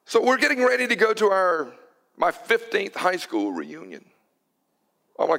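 A man's voice: high voice, moderate pace, gravelly. Conversational male pastor preaching. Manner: conversational storytelling, moves from loud and animated to hushed and soft. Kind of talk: sermon.

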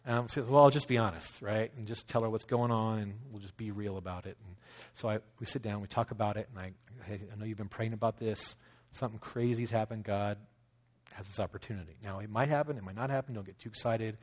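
A man's voice: fairly low pitch, fast talker. A man in his thirties telling a personal story in a conversational sermon, acting out quotes as he goes. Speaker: pastor.

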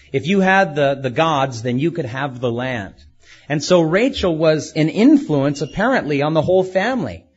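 A man's voice: fairly high pitch, slightly rough, dull audio. A man preaching a sermon as a pastor, asking rhetorical questions and acting out quoted speakers.

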